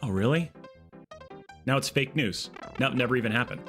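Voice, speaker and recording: Excitable joking male streamer. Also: mid-range voice, moderate pace, soft background music. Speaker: game streamer. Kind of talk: casual live-stream chat.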